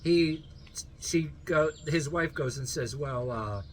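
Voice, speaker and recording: A man's voice: medium pitch, a little slow, a little hiss or hum. A man telling a long story in a rambling, casual way, full of restarts and fillers, often holding back a laugh.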